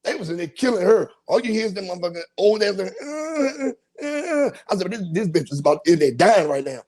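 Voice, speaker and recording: A man's voice: high voice, fast talker, a little mellow. A man hosting a podcast, telling a profane comic story and acting out voices and sound effects. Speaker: podcast host.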